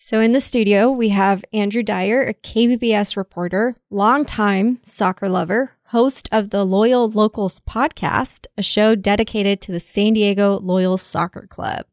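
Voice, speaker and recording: A woman's voice: medium pitch, fairly even intonation, a little slow, few pauses, no room sound, clean studio sound. A woman hosting a podcast, introducing a guest in light, casual chat. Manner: light, laughs often. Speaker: podcast host.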